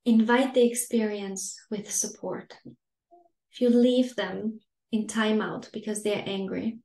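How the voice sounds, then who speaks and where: A woman parenting coach giving a masterclass talk to parents in a calm, gentle, soothing way. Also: mid-range voice, creaky. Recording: roomy echo.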